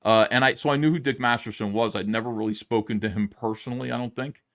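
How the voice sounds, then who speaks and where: A man's voice: mid-range voice, fast talker. A middle-aged man, a comic book creator, telling a long story in a casual livestream monologue and acting out the quotes. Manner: rambling, animated retelling with acted-out quotes.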